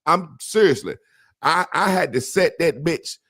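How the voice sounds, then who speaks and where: A man hosting a casual talk show, telling rambling profane stories with animated impressions. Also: fairly high pitch, measured pace, husky, no room sound. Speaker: podcast host. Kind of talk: casual chat.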